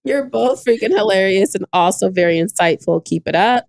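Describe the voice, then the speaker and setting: A woman's voice: mid-range voice, animated, brisk, vocal fry, darkish tone, dry recording. A woman co-hosting a podcast, talking bluntly in slang and joking around. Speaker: podcast co-host. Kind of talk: casual podcast chat.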